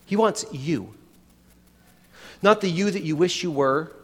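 A man's voice: a little high, unhurried, fairly bright tone, husky, in a large hall. A man preaching a sermon in a chatty way, with many restarts and asides to the congregation. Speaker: pastor.

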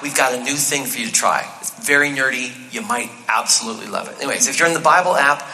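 A man preaching a sermon in a conversational, animated way, acting out the quotes in the passage. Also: medium pitch. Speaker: pastor. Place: church auditorium. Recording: live reverb of a church hall.

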